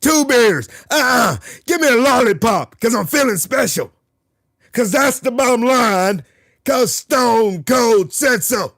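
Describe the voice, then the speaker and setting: A text-to-speech male voice reading out chat messages in a flat, clipped way. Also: very high voice, slow pace, creaky, no echo, clean studio sound. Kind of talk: automated message readout.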